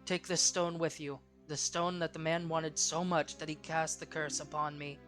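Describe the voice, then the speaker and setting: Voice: medium pitch, flat delivery, moderate pace, a bit bright, soft background music, natural voice. A let's player voicing a solemn, dying ancient male tree spirit in a game, in formal archaic speech. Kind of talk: let's play character reading.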